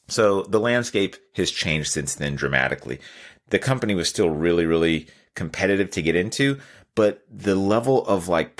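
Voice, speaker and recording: A man's voice: sits low, a bit bright. A man, telling a candid, self-deprecating story in a casual podcast chat. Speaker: podcast host.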